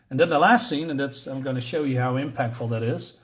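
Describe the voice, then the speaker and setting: A man casually reviewing a comic book, paging through it while pausing often to search for words. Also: medium pitch. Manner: halting, searches for words, many fillers.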